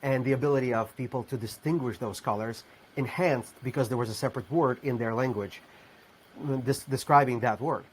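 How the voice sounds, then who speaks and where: A man's voice: mid-range voice, a little fast, a little hiss or hum. A man co-hosting a podcast, thinking aloud and restarting as he links ideas to the guest's point. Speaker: podcast co-host. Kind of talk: casual interview talk.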